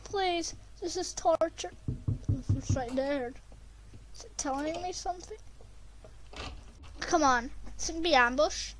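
Very high-pitched excitable gamer girl. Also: a little slow, pauses often, slight background noise. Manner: excitable, screams and shrieks when chased. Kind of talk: gameplay commentary.

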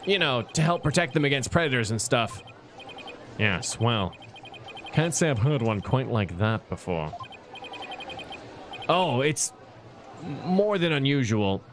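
A man's voice: medium pitch, very animated, unhurried, pauses often, a bit bright, a little hiss or hum. A man streaming a game, reading its dialogue aloud in a casual, jokey way.

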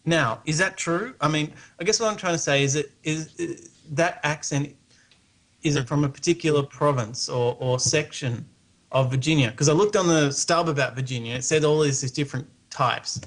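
Australian man, higher pitch, hesitant, curious, chatty caller. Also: moderate pace. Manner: hesitant, restarts often, curious. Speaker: guest calling in. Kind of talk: casual chat.

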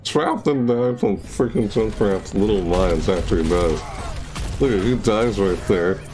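A man giving casual gameplay commentary, excitable, laughing often and yelping high when thrilled. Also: a little slow. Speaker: gaming video creator.

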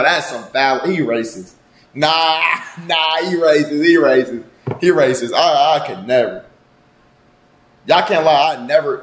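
A man streaming live, chatting casually with his viewers in a loud, profane, joking and rambling way. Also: on the high side. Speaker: livestreamer. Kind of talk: casual livestream chat. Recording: roomy echo.

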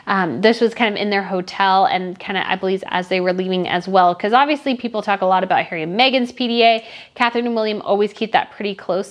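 A woman talking casually as a royal fashion commentator, chatty and opinionated, gushing over some looks and blunt about others. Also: mid-range voice. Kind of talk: casual chat.

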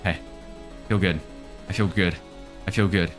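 A man's voice: low-pitched, fairly even intonation, measured pace, soft background music. A young man giving casual let's-play commentary on a horror game, nervous and jittery, talking to the monsters and his viewers. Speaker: gaming video creator.

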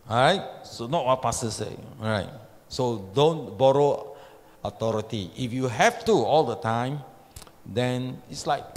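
A pastor with a Malaysian English accent, teaching a leadership seminar in a chatty, joking way and quizzing his listeners. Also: mid-range voice. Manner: chatty, joking, asks the audience questions. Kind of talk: informal teaching talk. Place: church hall. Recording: long church hall reverb.

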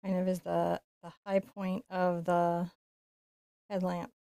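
A woman teaching a live-streamed painting lesson, chatty and playful, going quiet while she concentrates. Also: on the low side, level tone, slow, vocal fry, dry recording, studio quality. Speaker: painting instructor.

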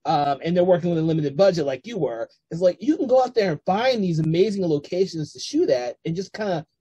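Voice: mid-range voice, lively intonation, fast talker, warm tone, slightly rough, dry recording. An interview host asking rambling, filler-heavy questions over a video call.

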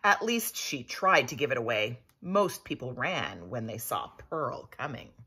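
Breathy expressive woman reading a storybook. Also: a bass voice, measured pace. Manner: expressive, playful. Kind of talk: storybook read-aloud.

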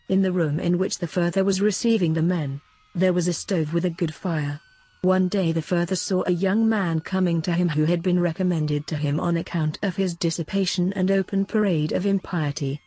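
A woman narrating an audiobook in a steady, formal reading style. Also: on the low side, breathy edge, no room sound. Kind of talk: scripted narration.

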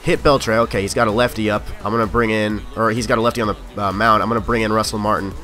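A young man giving live commentary on his own gameplay, excitable and quick to shout or grumble at the game. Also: fairly low pitch, faint music behind. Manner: excitable, yelling at the game, frustrated outbursts. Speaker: gaming YouTuber.

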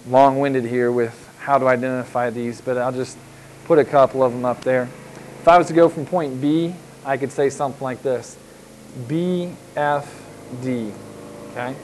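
A man's voice: medium pitch, a little mellow, a little hiss or hum, low-quality recording. Patient man explaining geometry terms. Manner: patient, repeats himself, frequent "uh" and "okay". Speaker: math teacher. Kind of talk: recorded lecture walkthrough.

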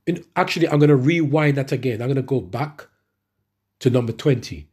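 A man preaching a sermon, reading scripture verses slowly and then preaching with emphatic rises in his voice. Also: medium pitch, a little mellow, husky.

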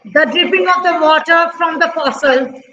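A woman's voice: very high-pitched, normal speed, dull audio, a crowd in the background. A woman teaching an online class for young children, asking questions, praising answers and imitating animal and vehicle sounds.

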